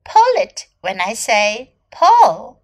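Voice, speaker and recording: A woman voicing a proud, stubborn little female tortoise in a children's story, speaking slowly and with emphasis. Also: a little high, wildly swooping pitch, darkish tone, exaggerated voice. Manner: slow, emphatic, storybook delivery.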